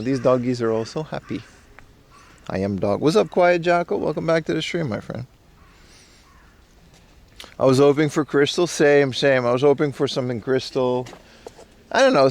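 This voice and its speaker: A low-pitched male streamer with a gravelly, fry-heavy voice, talking to his chat while walking outdoors. He rambles in a loose, slangy way and answers messages as he goes. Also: a little mellow. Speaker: IRL streamer. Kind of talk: casual live-stream chat. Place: outdoors in a park in Japan.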